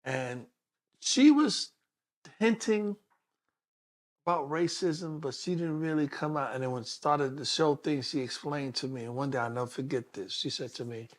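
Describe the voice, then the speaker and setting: Brief: New man, sixties, interview guest, lively storyteller, slightly high voice. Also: moderate pace. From Brooklyn, New York. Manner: animated storyteller who acts out the people he quotes. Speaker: guest, detective. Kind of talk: personal storytelling in a sit-down interview.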